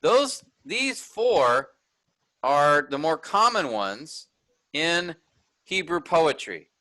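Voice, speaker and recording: A man leads a workshop lecture with a fairly high, bright voice. He explains step by step, often asking his listeners if they follow. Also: sing-song, very slow, rough recording. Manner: explanatory, checks in with listeners, frequent fillers. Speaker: teacher. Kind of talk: online workshop lecture on Hebrew text.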